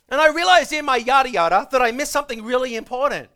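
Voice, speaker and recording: A male pastor preaching a Sunday morning sermon, animated and acting out the lines he quotes, often repeating his words. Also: very high-pitched, fast, few pauses.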